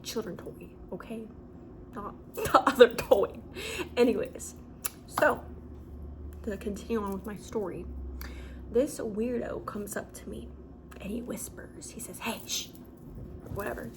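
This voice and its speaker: A woman's voice: mid-range voice, a little slow, pauses often, a little hiss or hum, low-quality recording. A young adult woman chatting casually as she tells a story-time vlog, with lots of fillers. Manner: chatty and animated, with many fillers. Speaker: vlogger.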